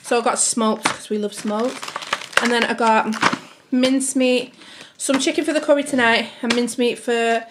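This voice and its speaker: A woman's voice: on the high side, fairly even intonation, normal speed, heavy background noise. A young woman chatting through a family grocery haul to camera at home, rambling and slightly out of breath. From United Kingdom. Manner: chatty, rambling, keeps addressing viewers as guys. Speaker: family vlogger.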